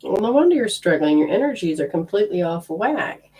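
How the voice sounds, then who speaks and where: A woman's voice: fairly low pitch, very animated, brisk, mellow. A middle-aged woman teaching energy healing to a group in a casual, blunt way, swearing now and then.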